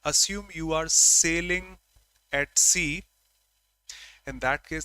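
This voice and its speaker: A man teaching an online exam-prep lesson, calling on students by name and acting out examples in a lively way. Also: on the high side, slow, smooth, dry recording.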